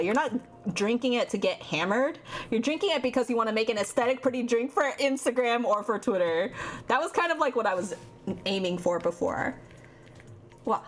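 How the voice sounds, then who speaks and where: A woman streamer chatting casually while drawing, rambling and reacting to her chat. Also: fairly high pitch. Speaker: vtuber streamer.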